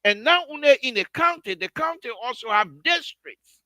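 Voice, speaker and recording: A man hosting a heated radio call-in debate, animated and repeating himself when he gives ground. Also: very high voice, moderate pace, no room sound, rough recording. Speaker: radio show host.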